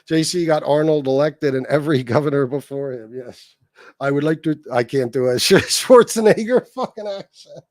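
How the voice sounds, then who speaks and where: A man's voice: on the high side, expressive, normal speed, gravelly, a little mellow, dry recording, studio quality. A man hosting a casual livestream, reading chat comments aloud and mocking someone with heavy profanity. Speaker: livestream host.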